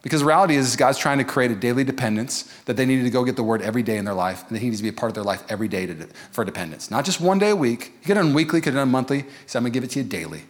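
Fast, animated preaching man. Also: mid-range voice. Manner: animated, acts out quoted voices, quick asides. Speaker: pastor. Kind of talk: sermon. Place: church service.

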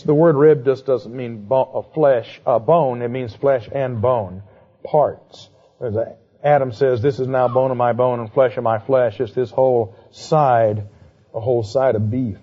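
A man giving a conversational Bible lecture, asking quick rhetorical questions and adding playful asides. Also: mid-range voice. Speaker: Bible teacher. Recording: dull lo-fi recording.

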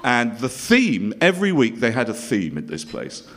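A middle-aged comedian from northern England tells a stand-up story with dry self-mockery, tossing wry asides to the audience. His pitch swings hugely and his pace is moderate.

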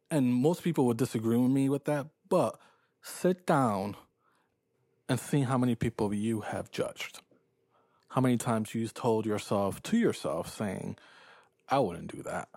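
A man hosting his own podcast, telling a story about his day in a casual, profane, animated way and acting out his own thoughts. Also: mid-range voice, no room sound, clean studio sound. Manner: profane, animated retelling with quoted inner thoughts. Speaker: podcast host.

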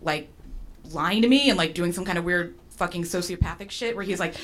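A woman's voice: lowish voice, fairly quick, fairly bright tone, slight background noise. A woman telling a personal story to an audience, chatty and self-deprecating, with lots of fillers and restarts.

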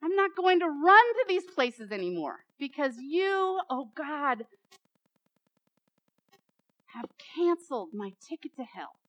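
A woman's voice: high-pitched, big pitch swings, slow, pauses often, fairly bright tone, no room sound, heavily acted, rough recording. A woman preacher voicing the psalmist king as he fervently pleads with and praises God during her sermon. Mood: fervent pleading.

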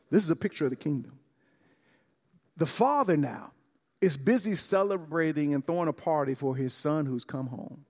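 A man pastor preaching a sermon, acting out dialogue with lively emphasis and repeated words. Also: on the high side, normal speed. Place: church sanctuary. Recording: long church reverb.

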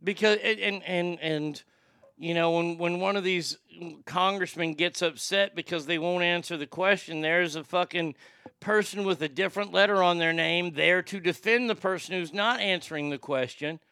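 A man rants bluntly and profanely as host, acting out the exchanges he quotes. His voice is high and bright with a gravelly edge. It is clear and smooth, recorded close and dry. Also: normal speed, no room sound. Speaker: podcast host. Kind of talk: ranting commentary.

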